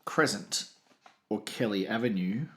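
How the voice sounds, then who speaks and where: A man co-hosting a comedy podcast, full of deadpan asides. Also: on the low side, a little slow, roomy sound. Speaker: podcast co-host. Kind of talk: comedic banter.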